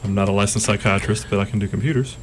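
A man's voice: lowish voice, fairly even intonation, racing, slight background noise. A man working in computers at a radio station, joining the show in studio, easygoing and matter-of-fact.

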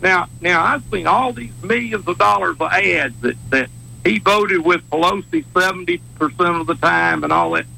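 A judge from southeast Alabama with a Wiregrass accent calls in to a talk show, sounding fired-up, rapid, and combative, laughing as he goes. His voice sits high and is gravelly, bright, and forceful. The audio quality is poor.

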